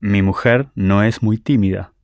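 A man giving steady, careful answers as the model student in a scripted language lesson. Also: lowish voice, moderate pace, dry recording, clean studio sound.

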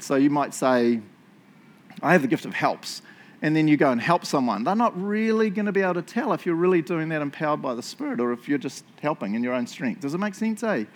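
A middle-aged man with a New Zealand accent, preaching a sermon in a casual, self-mocking storytelling way. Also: on the high side. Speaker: pastor.

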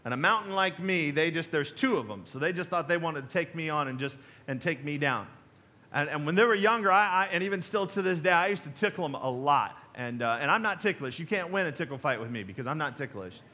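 A middle-aged pastor preaches to his congregation in a loose, folksy way, breaking into chuckles and tossing questions at the pews. His voice sits high for a man and rings bright and forward. He is heard through a stage microphone in a church sanctuary. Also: animated, brisk. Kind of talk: sermon.

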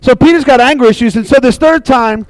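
A high-voiced man tells a Bible story as a casual sermon, chatty and animated. His voice is recorded dry and close, with almost no room sound. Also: fairly quick, no echo, rough recording. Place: room with a live audience.

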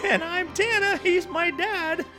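A man's voice: very high-pitched, slow, over music, pitched above the performer's own voice. A man putting on a mock voice of his daughter, giggly and squealing. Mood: giddy. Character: man's mock impression of his teenage daughter, giddy.

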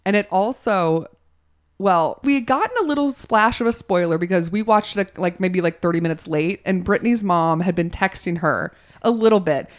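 Woman co-host, casual chat, animated storyteller, lowish pitch. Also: normal speed. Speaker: podcast co-host.

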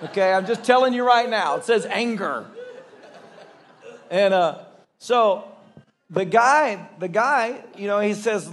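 High-voiced man preaching a sermon. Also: slow, pauses often. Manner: animated storytelling with acted-out voices and laughter. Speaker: pastor.

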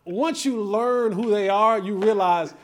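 A man hosting a podcast, telling a story in a lively, casual way and acting out quoted lines in different voices. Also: high-pitched, a little slow. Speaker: podcast host and former player. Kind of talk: animated storytelling in casual chat.

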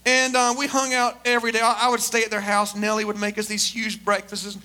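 Middle-aged man, pastor, very high voice, forceful and emphatic, jokey story asides. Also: completely flat delivery, a little fast. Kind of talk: sermon. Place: church service.

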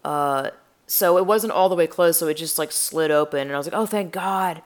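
A woman's voice: deep voice, a little fast, clean tone. A woman chatting casually, rambling and swearing as she tells a story, with lots of fillers and restarts. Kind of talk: casual chat.

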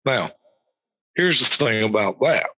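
A man hosting a podcast, reading official text aloud and commenting, repeating passages slowly for emphasis. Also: mid-range voice, animated, sharp tone, dry recording, highs cut off. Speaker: podcast host.

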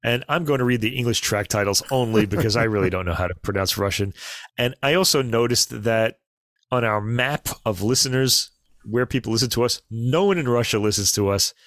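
A man co-hosting a casual podcast, chatting about classical recordings in a relaxed way with fillers and asides. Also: mid-range voice, brisk, dry recording, studio quality. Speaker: podcast co-host.

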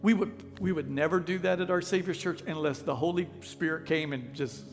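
A man with a drawl preaches in a lively, folksy way, and he acts out the people in his stories. His voice sits high for a man. It carries through a reverberant church hall with faint music underneath. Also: normal speed. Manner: folksy, animated, acts out quotes. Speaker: pastor. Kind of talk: storytelling sermon. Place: church sanctuary.

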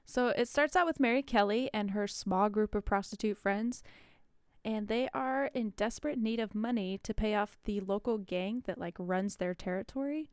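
A woman's voice: medium pitch, moderate pace, clean tone, no room sound, clean studio sound. A woman co-hosting a casual podcast, recapping a movie with frequent laughs. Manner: laughs often, chatty and relaxed. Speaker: podcast co-host.

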